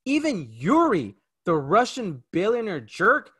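A man's voice: high voice, huge pitch swings, a little slow, fairly bright tone, slightly rough. A man co-hosting a casual film review podcast, emphatic and ranting in friendly chat. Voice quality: married.

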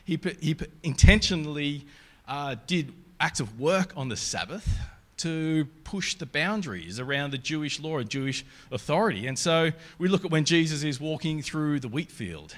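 A man's voice: a little high, expressive, normal speed. Earnest man preaching conversationally. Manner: conversational, earnest, with scripture reading. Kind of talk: sermon.

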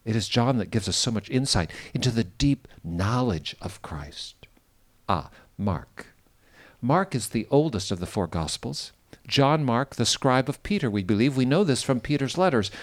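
An earnest man preaching outdoors on a boat on a lake. His pitch swings widely as he stresses words, then falls to soft, hushed passages for prayer. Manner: earnest, lively emphasis, drops to soft hushed tones. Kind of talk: outdoor devotional sermon and prayer.

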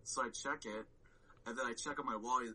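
A man's voice: mid-range voice, steady tone, brisk, pushed and bright, a little hiss or hum, poor audio. A man telling a story on a podcast, rambling with lots of "like" and swearing and acting out his own reactions. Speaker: podcast guest. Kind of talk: casual storytelling chat.

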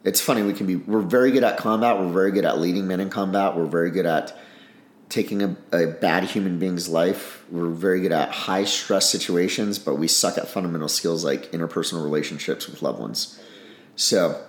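Speaking briskly in a low-pitched voice, an army special ops veteran gives a casual podcast interview full of blunt talk, profanity, and acted-out dialogue. The recording has a roomy quality.

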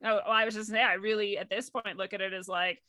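A woman talks in an earnest, casual way about faith and spirit, her words dotted with "like" and easy laughs. Her voice is bright and forward. The sound is close and dry, with no room around it. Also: medium pitch, fairly even intonation, fast talker, no room sound. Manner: earnest, frequent "like", laughs easily.

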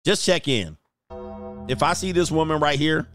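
A man's voice: on the high side, expressive, normal speed, a bit bright, faint music behind. A man giving casual livestream commentary, joking and laughing often.

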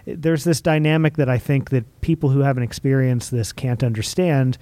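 Mellow-voiced male interviewer asking thoughtfully. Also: medium pitch, steady tone, moderate pace, dry recording. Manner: thoughtful, probing questions. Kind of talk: interview questions.

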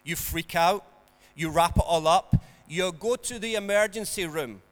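A man preaching an earnest sermon, rising to emphatic peaks and then dropping soft. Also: high-pitched, unhurried, big-room sound.

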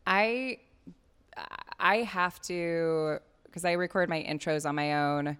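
A woman's voice: fairly low pitch, slow pace, a bit bright, clean tone, big-room sound. A woman podcast host giving frank, chatty advice in casual talk on a panel. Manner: chatty, frank, loose with swearing.

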